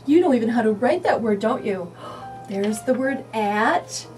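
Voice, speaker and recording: High lively lady teacher sounding out letters for kids, a bit far from the mic, faint guitar behind. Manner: slow, sing-song, sounding out letters. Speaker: early reading teacher. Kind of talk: children's phonics lesson.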